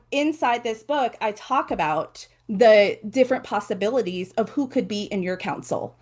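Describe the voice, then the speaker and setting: A woman author hosting her own book launch over a video call, chatty and animated, with playful asides. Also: medium pitch. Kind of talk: casual live presentation.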